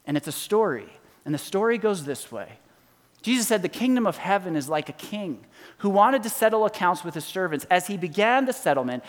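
A pastor giving a sermon, retelling a parable and swinging from loud emphasis to hushed, low endings. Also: male voice. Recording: reverberant hall.

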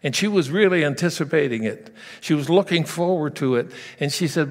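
A man's voice: a little high, brisk, long reverb tail. A man preaching a sermon, telling stories and asking his listeners direct questions.

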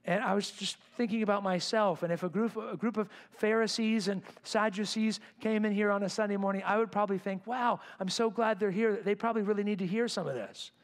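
A man preaching a sermon to his congregation in a church, swinging between loud emphatic bursts and quiet, intense lines. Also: high voice, fairly even intonation, a little fast, few pauses. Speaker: pastor. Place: church sanctuary.

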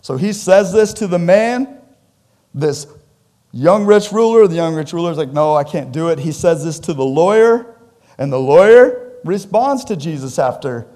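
A pastor preaching a sermon in a church, animated and conversational, joking with his congregation, his pitch and loudness swinging widely. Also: normal speed.

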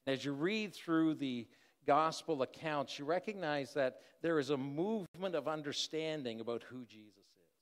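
An older man preaching a sermon, telling stories in a relaxed, conversational way with personal asides. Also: on the high side, normal speed. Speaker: pastor. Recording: long hall reverb.

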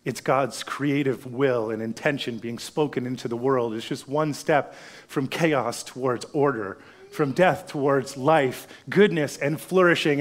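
A man in his thirties preaching a sermon, telling a family story in a conversational way before turning to scripture. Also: mid-range voice. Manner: storytelling, conversational, drops to a hush for solemn lines. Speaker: pastor.

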